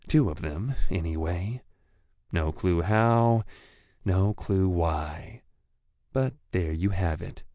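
Narrator doing a bored smug vamp dude, slow drawl, deep gravelly voice, audiobook. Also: male voice, darkish tone, dry recording. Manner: drawling, mocking, profane. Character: male vampire, deep-voiced, bored, sardonic, crude. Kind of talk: audiobook character voice.

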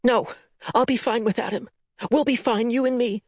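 A man's voice: steady tone, normal speed, no room sound, clean studio sound. A man voicing Mercy, a bitter hurting daughter. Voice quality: hoarse murmur. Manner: raised pitch, emotional and insistent. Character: young woman, frightened, angry, bitter daughter. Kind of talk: audiobook character voice.

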